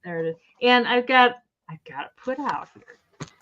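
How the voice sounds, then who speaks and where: A woman's voice: on the high side, animated, normal speed, lo-fi sound. A woman hosting a casual live sale, chatty and giggly, rambling as she shows items. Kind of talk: casual live-stream selling.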